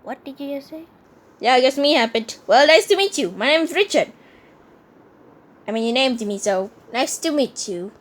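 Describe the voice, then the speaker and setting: A woman voicing a gloomy young male talking cat in a plush puppet movie, mumbling in a low, flat voice. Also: moderate pace. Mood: deadpan.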